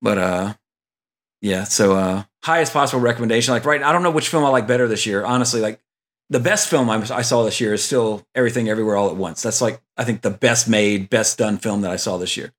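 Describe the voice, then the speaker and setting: A man's voice: on the low side, fast talker, fairly bright tone. A man hosting a casual movie podcast, talking in a rambling way with many fillers and restarts, reading listener emails aloud. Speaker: podcast host.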